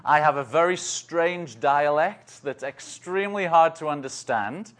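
A man's voice: fairly high pitch, a little slow, a bit bright. An English man in his forties, a guest speaker opening a talk with chatty, self-deprecating preaching and joking asides. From northeast England. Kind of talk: conversational preaching.

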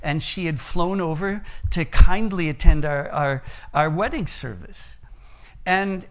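A man's voice: fairly high pitch, unhurried. A middle-aged American man preaching a sermon, telling personal stories in an earnest way. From United States. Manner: earnest storytelling, varies loudness and pace.

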